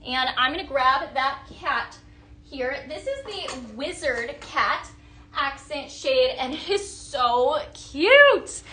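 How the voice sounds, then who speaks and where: A woman's voice: high voice, expressive, slow, bright, forceful tone, a little hiss or hum. A young woman hosting a live-stream product demo, chatty and gushing, greeting viewers by name. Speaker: live shopping host.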